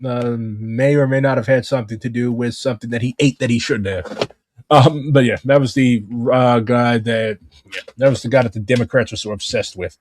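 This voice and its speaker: A man's voice: mid-range voice, fairly even intonation, normal speed, darkish tone, slight background noise. A man chatting casually on a live stream, rambling and swearing as he jumps between topics.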